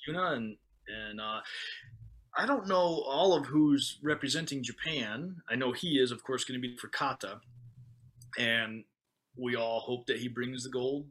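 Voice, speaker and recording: A man's voice: mid-range voice, a little slow, a bit bright. An American man co-hosting a podcast, talking in an easygoing way about karate and laughing readily. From United States. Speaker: podcast co-host, karate teacher. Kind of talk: casual chat.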